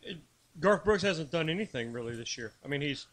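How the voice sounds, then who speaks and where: A man co-hosting a casual radio chat, giving opinions in an animated way. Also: fairly high pitch, a little fast, a little hiss or hum. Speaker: radio co-host.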